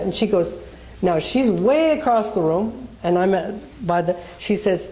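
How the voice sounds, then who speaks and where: A woman's voice: mid-range voice, animated, measured pace, mellow. A woman minister preaching in a conversational way, telling a personal story and acting out the people in it.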